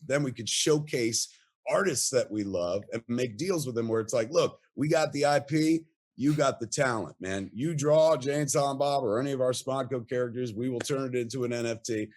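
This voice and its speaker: A middle-aged man, a podcast guest telling rambling, profane anecdotes full of acted quotes. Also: medium pitch. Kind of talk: animated storytelling.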